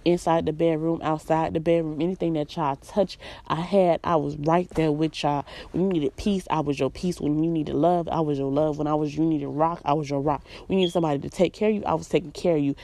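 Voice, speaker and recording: Low-voiced woman venting bluntly. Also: steady tone, a little fast, hardly any pauses, dark tone, no room sound. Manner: emphatic, blunt, profane, repeats phrases for emphasis. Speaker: vlogger. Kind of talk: venting personal monologue.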